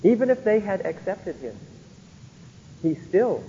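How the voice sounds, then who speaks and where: A man's voice: sits high, big pitch swings, unhurried, dark tone, a little hiss or hum. A man teaching a Bible lecture, often stopping to ask his listeners rhetorical questions to check they follow. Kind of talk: recorded theology lecture. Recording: dull lo-fi recording in a reverberant hall.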